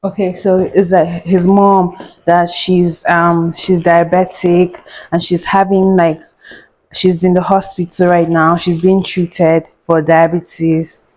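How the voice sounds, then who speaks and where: A woman's voice: lowish voice, level tone, slow, a little mellow, poor audio. A young woman, a doctor, telling a story in a sarcastic, chatty way while she cooks, laughing and muttering to herself. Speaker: doctor and vlogger. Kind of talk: casual storytime chat while cooking.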